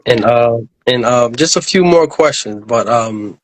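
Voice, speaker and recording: A man hosts an interview, asking long, halting questions that he restarts over and over, and affirming his guest warmly with repeated approval. His voice sits in a middle range and sounds dry and close. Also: mid-range voice, animated, no echo, poor audio. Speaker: interview host. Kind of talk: casual interview.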